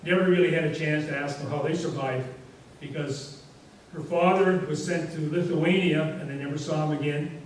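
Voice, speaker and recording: A man with a somewhat high voice tells rambling, easygoing anecdotes to a room, his words scattered with "you know". He is caught from a distance in a very echoey hall with a faint hiss underneath. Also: steady tone, moderate pace, hardly any pauses. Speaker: guest speaker. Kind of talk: casual storytelling presentation.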